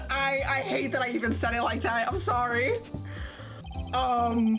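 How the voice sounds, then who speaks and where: A woman's voice: on the high side, takes it slowly. A woman streamer playing a game and commenting casually and playfully, reading the dialogue aloud. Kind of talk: casual let's-play commentary. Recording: game music behind.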